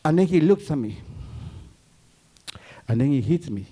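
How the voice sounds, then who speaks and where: Animated storyteller man from Guatemala. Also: fairly high pitch, unhurried. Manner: animated, acts out the voices in his story. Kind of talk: live storytelling.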